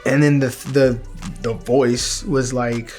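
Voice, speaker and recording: A young man telling his personal faith testimony in an earnest, halting way, often restarting his sentences. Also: medium pitch, little pitch movement, darkish tone, faint music behind. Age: young adult. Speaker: testimony speaker.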